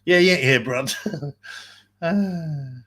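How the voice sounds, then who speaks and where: A man's voice: fairly high pitch, extremely slow, fairly bright tone, slightly rough. A man hosting a livestream, chatting in a rambling, profane way and laughing often. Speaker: livestream host. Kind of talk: casual livestream chat.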